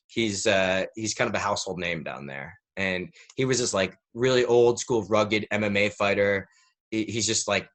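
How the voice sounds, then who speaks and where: A man in his thirties, a podcast guest telling a rambling story in casual interview talk, peppered with "like". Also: on the low side. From United States. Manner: rambling, animated storyteller who fills with "like".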